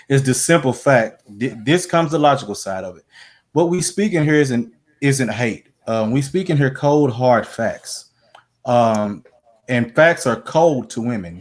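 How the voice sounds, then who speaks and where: A man hosting a casual live-stream discussion, talking in halting bursts with frequent restarts and fillers. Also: medium pitch. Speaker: stream host.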